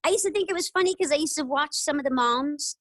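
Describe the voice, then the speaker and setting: A middle-aged woman, a guest on an interview show, telling lively stories and often acting out quoted voices with laughter. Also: high-pitched, quick pace, no echo, low-quality recording. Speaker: guest, retired jockey. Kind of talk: casual interview storytelling.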